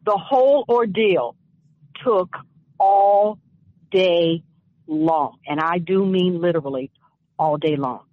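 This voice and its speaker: A fairly low-pitched woman offers heated commentary and a personal story on a radio talk show, deliberate and emphatic, with repeated phrases. There is no echo, but the sound is dull, lo-fi radio audio.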